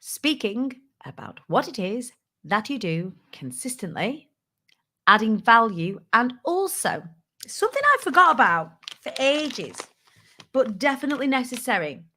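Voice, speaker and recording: Candid, playful woman with a bright voice. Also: fairly high pitch, sing-song, unhurried. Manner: candid and playful, with casual swearing. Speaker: host of a business tips show. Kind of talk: casual motivational talk to a live audience.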